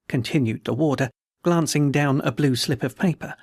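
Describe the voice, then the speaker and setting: A man reading a classic story aloud as an audiobook narrator, in a measured, literary manner. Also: medium pitch, a little mellow, husky, no room sound, clean studio sound.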